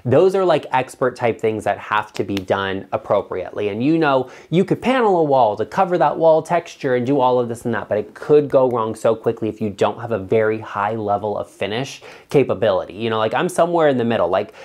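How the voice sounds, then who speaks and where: A man hosting an interior design vlog, talking straight to viewers in a chatty, emphatic way, with big jumps up in pitch on his asides. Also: lively intonation, a little fast, hardly any pauses, a little mellow.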